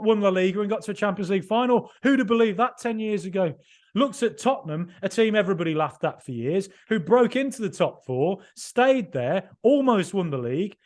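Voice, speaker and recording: Excitable high-voiced football podcast man. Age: 30s or older. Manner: excitable, emphatic, rambling with repeats. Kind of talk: excited post-match reaction.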